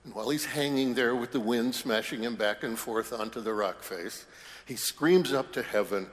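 A man's voice: mid-range voice, normal speed. A man preaching a sermon as a priest in a church, conversational with wry humorous asides. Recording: long church reverb.

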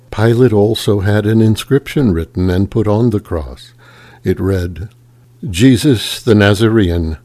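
A man reading scripture aloud in a slow, measured and solemn liturgical manner. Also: low-pitched, dark tone, husky. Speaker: scripture reader.

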